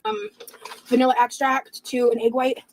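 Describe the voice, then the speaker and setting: A woman's voice: sits high, expressive, normal speed, creaky, noisy background. A woman streaming herself cooking, talking offhandedly while she multitasks. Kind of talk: casual cooking livestream talk. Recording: kitchen clatter of cutlery behind.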